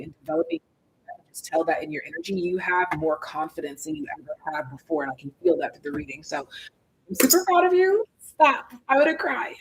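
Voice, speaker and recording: A tarot reader on a live stream, talking lively and sassy straight to viewers and calling them baby and darling, jumping between high and low. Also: husky, low-quality recording.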